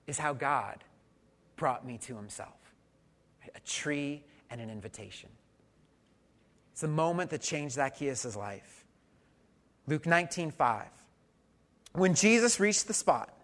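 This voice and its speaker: A man's voice: medium pitch, a bit bright. A man preaching a conversational sermon, telling stories and asking the congregation questions. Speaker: pastor.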